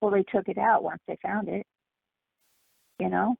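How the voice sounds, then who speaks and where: Gravelly woman telling a story by phone. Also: medium pitch, normal speed, no echo. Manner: animated storytelling, emphatic. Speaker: guest. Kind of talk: casual phone interview. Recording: tinny phone line.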